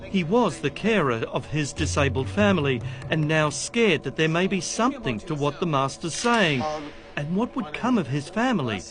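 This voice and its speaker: A man's voice: a little high, big pitch swings, moderate pace. A man reading scripted current-affairs narration with a dramatic, teasing delivery. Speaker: reporter narrator. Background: music.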